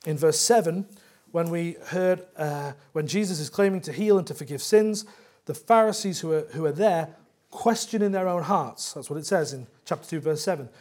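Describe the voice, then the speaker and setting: A man's voice: on the high side, darkish tone. A man preaching a sermon as pastor, explaining scripture verse by verse with earnest emphasis.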